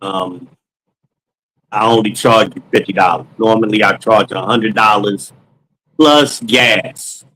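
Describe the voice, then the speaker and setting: A man's voice: on the low side, takes it slowly, sharp tone, slight background noise, rough recording. A man casually telling a story from his sales days, slangy and loose, acting out dialogue with frequent ums.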